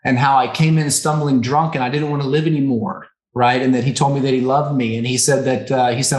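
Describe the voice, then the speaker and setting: A man's voice: mid-range voice, steady tone, fairly quick, few pauses. Earnest man in his thirties, roomy sound. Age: 30s. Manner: earnest, emotional, often adds "right?" and "okay?". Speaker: podcast guest, recovery center co-owner. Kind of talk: personal storytelling in a conversation. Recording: roomy echo on the voice.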